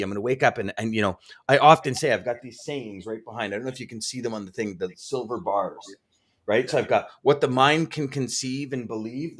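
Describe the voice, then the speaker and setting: A man co-hosting a live sales show, reading viewer comments aloud and cheering them on with enthusiasm. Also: medium pitch. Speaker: podcast co-host.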